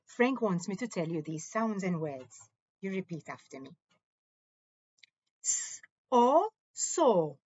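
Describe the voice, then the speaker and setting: A woman teaching a phonics lesson to young children, sounding out letters and words slowly and clearly. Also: no echo, dull audio. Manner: slow, clear sounding-out with lively up-and-down pitch.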